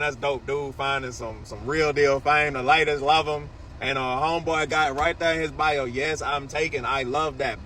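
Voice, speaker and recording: A man talks to camera in a laid-back, slangy way, growing enthusiastic. His voice is bright and a little high, with faint noise behind. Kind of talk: casual chat to camera.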